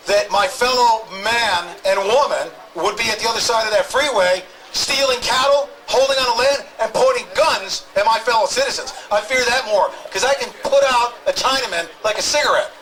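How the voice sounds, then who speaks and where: A man's voice: very high voice, moderate pace, slight background noise, rough recording. A man hosting an open-mic address at an outdoor protest, emphatic and rambling, often adding "okay?". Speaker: talk show host interviewing protesters. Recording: loud crowd outdoors.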